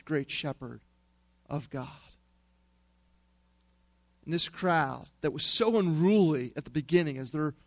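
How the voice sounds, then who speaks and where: Male pastor giving a sermon. His voice sits high and comes across clear and close, with a dry, dead sound. He talks in a conversational, humorous way and drops to a hushed tone for emphasis. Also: no room sound.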